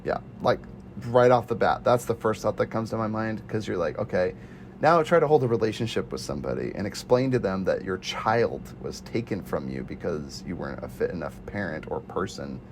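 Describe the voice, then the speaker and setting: A man hosting a casual podcast movie chat, animated and acting out scenes in quick voices. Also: low-pitched, creaky, a little hiss or hum. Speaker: podcast host.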